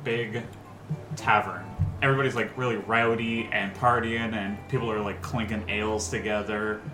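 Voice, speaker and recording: A low-pitched man running a tabletop game, describing the scene in a loose, easygoing ramble. The room sounds roomy, with music playing under him. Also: normal speed. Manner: relaxed, rambling description with fillers. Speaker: game master.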